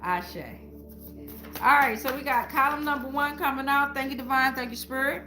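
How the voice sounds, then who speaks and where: A woman's voice: high voice, normal speed, sharp tone. A woman giving a live-streamed tarot reading, talking casually and with slang and swearing to her viewers in chat. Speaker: tarot reader. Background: faint background music.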